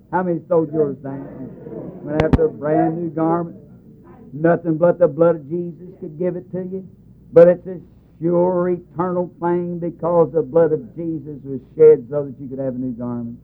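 Folksy country preacher guy, highish voice, tinny phone-ish recording w faint music behind. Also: flat delivery, normal speed. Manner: folksy preaching, rises high and loud when telling the story. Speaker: pastor. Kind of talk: sermon.

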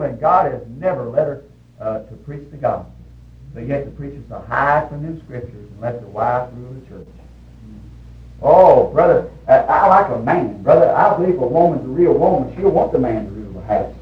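A man preaching a sermon in a folksy storytelling way, with sudden shouted bursts when he quotes people. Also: medium pitch. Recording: roomy, distant, dull old recording with faint hiss.

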